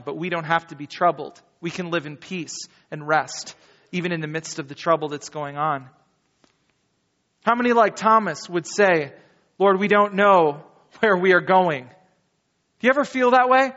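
A pastor with a high-pitched voice preaches a sermon, reading scripture and addressing his congregation in an animated, conversational way, with dramatic slow pauses. The sound is big-room, with the highs cut off.

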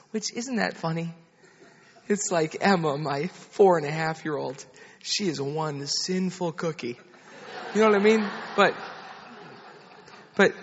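A man in his thirties preaching a sermon, an animated storyteller who tells a family story and then builds to an impassioned appeal. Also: sits high, unhurried, slightly rough. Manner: animated storyteller, soft-spoken quoted lines, builds to shouting. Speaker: pastor. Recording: dull sound with long hall reverb.

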